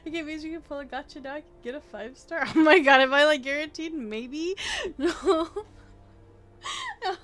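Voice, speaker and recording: High, bright, excitable young woman streamer. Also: normal speed, soft background music. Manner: excitable, rambling, self-deprecating, laughs often. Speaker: VTuber streamer. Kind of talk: casual live-stream chat.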